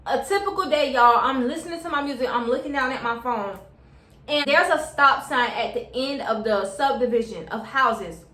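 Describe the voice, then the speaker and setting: Woman, young adult, chatty, slang, a bit high, roomy echo. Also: normal speed, sharp tone. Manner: chatty, slangy, keeps addressing viewers as y'all. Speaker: vlogger. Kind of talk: casual story time. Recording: echoey room.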